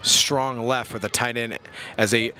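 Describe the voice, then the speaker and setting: A man's voice: mid-range voice, steady tone, measured pace, sharp tone, a little hiss or hum. Laid-back young man calling youth football. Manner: laid-back, jokey, slangy, self-deprecating. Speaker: play-by-play commentator. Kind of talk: casual youth football commentary. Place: outdoors at a youth football game.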